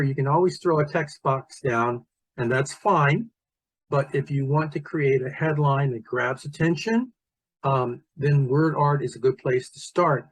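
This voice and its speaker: A man walking teachers through presentation software in a screen-recorded tutorial, talking loosely and thinking aloud as he clicks. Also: medium pitch, no room sound, poor audio. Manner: relaxed, thinking aloud with fillers and restarts. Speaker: teacher trainer.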